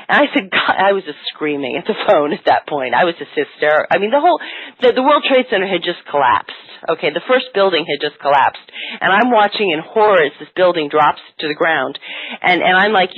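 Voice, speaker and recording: Husky woman as emphatic radio guest, dry muffled broadcast sound. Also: fairly low pitch, lively intonation, brisk, dry recording. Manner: intense, emphatic storytelling. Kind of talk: radio interview.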